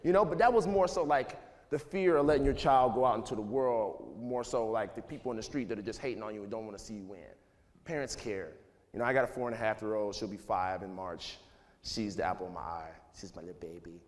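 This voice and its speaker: A man's voice: lowish voice, fast. A man in his thirties gives a casual motivational talk to students in a school auditorium, rambling loosely and filling his speech with "like" and "you know". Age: 30s. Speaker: speaker addressing students. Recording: echoey hall with faint noise.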